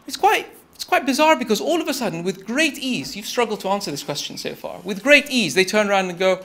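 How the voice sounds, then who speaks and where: A man's voice: high-pitched, big pitch swings, brisk, vocal fry, few pauses, fairly bright tone. A young man giving a TED-style talk, telling a story in a conversational way and speaking to the audience directly.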